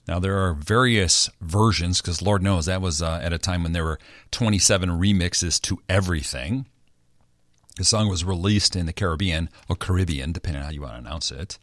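A man's voice: sits low, fairly bright tone, no echo, clean studio sound. A middle-aged man hosting a chart countdown, chatting playfully like a radio DJ. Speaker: radio DJ host.

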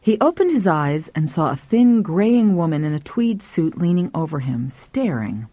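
Expressive woman reading a story. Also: fairly low pitch, normal speed, no echo. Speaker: audiobook narrator. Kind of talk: scripted narration. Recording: dull lo-fi recording, faint music.

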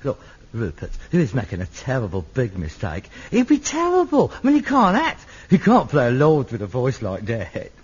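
A man, playing an exasperated son with theatrical pretensions who complains and shouts. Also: medium pitch, wildly swooping pitch, moderate pace, husky, dull audio. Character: exasperated, pompous working-class son. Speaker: amateur actor.

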